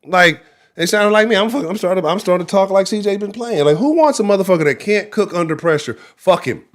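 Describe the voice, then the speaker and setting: A man's voice: high-pitched, lively intonation, fast talker. A young adult man, hosting a live-streamed sports talk show in a heated, profane rant.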